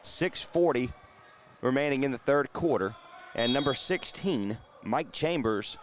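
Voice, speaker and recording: In a community center gym, a male announcer calls live basketball play-by-play, rattling off the action and getting excited on big plays. His pitch is medium and his pace measured.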